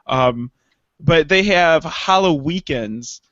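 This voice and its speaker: High-pitched podcast dude, excitable, trips over his words, dry dull mic. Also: takes it slowly, no echo. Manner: excitable, stammers and restarts, jokey. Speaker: podcast co-host. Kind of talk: casual chat.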